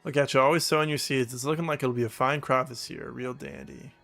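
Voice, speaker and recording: A man doing a gravelly old farmer with a twang. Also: mid-range voice, steady tone, fast talker, fairly bright tone, soft background music. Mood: folksy. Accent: rural American country twang. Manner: folksy, easygoing. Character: friendly old male farmer with a country drawl.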